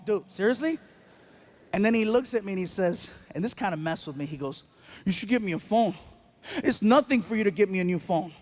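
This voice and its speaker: High-voiced Mexican American stand-up comic. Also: male voice, fast, faint music behind. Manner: animated, acts out dialogue with voices. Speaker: stand-up comedian. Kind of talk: stand-up storytelling. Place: comedy stage before live audience.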